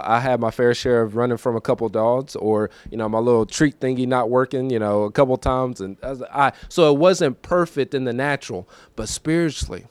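In a church, a man in his thirties gives a testimony sermon at an ordinary mid pitch, his clean, conversational voice full of emotion as he repeats himself. He swings from quiet recollection into raised, emphatic preacherly lines, captured close and dry with little room sound.

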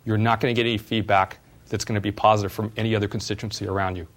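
A middle-aged man, a former startup CEO, giving a university talk and telling personal stories in an animated way. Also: on the low side, very fast. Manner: animated storyteller, voice jumps up when retelling exchanges.

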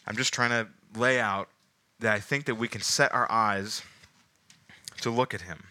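Bright-voiced preaching pastor, man. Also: lowish voice, fairly even intonation. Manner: emphatic, rising and falling with slowed stresses; casual asides amid scripture reading. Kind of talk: sermon.

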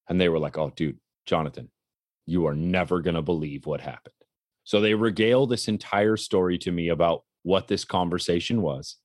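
A man in his thirties with a low, deep voice tells a story with animation on a casual talk show. The sound is dry and close, with no room around it. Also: no room sound. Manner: animated storyteller, acts out quotes. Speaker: podcast co-host and color commentator.

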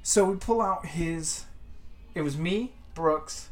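A man who is an army sergeant veteran, telling animated, profane stories and mimicking the people in them. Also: a little high, takes it slowly, soft background music. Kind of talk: casual storytelling chat.

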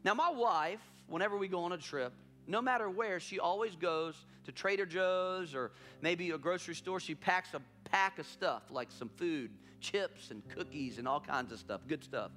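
A man's voice: high-pitched, expressive, normal speed, few pauses, sharp tone, soft background music. A man preaching a sermon as pastor, telling a story with emphatic repetition.

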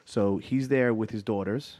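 A man hosting a casual chat, an animated storyteller who laughs often. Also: lowish voice, unhurried, dry recording.

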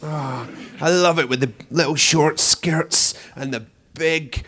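A man's voice: slow pace, a bit bright. A young Scottish man doing a cheeky stand-up routine on a comedy club stage. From Scotland. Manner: cheeky, punchy delivery with shrill put-on women's voices.

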